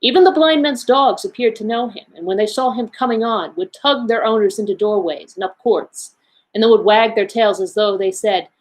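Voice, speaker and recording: A woman reads a classic tale aloud at a measured pace, giving the phrases shape and expression. Her voice sits in an ordinary middle pitch. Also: low-quality recording. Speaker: library associate reading aloud. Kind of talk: storybook read-aloud.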